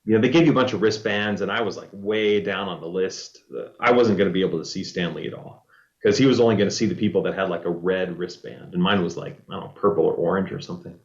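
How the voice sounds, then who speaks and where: Low-voiced man telling a story, lo-fi. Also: quick pace. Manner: animated storyteller, acts out quoted lines. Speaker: former reality show contestant, guest. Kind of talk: casual storytelling. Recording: dull lo-fi audio.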